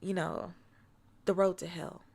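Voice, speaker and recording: Gravelly low-voiced woman streamer. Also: steady tone, a little slow, darkish tone. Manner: laughs often, playfully exasperated, dips to whispers. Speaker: streamer hosting a watch-along. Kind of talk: casual stream commentary.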